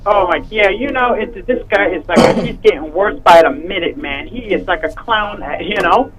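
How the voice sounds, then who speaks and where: Male phone-in caller, high voice, rambling casual talk, heard over a radio call line. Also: animated, moderate pace, crowd noise, poor audio. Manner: rambling, full of "you know".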